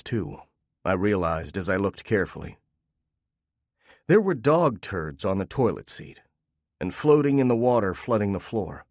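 Low-voiced man narrating a story. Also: no echo, clean studio sound. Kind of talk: first-person story narration.

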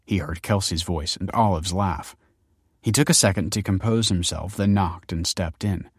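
A man narrating an audiobook in a steady, measured way. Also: low voice, breathy edge, no room sound, studio quality.

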